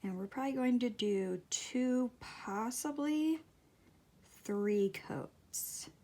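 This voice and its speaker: A middle-aged woman giving a casual nail tutorial at home, talking slowly and softly, often dropping to near-whispers. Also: a little high, lively intonation. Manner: slow, soft-spoken, drops to near-whispers. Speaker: beauty vlogger. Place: home, at a table.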